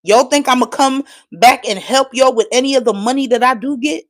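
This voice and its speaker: Woman from Trinidad, high-pitched, holding back tears, swearing hard through an insistent livestream rant. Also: brisk. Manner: profane, impassioned, insistent. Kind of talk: emotional live-stream rant.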